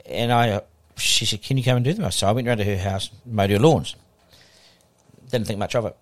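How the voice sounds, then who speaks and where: A man with a New Zealand accent, speaking in a fairly low voice at a brisk, rapid clip. He tells his story in an animated way and plays out the quoted exchanges with people in it. This is a relaxed podcast interview. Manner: animated anecdotal storytelling, acting out quoted dialogue. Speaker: guest broadcaster.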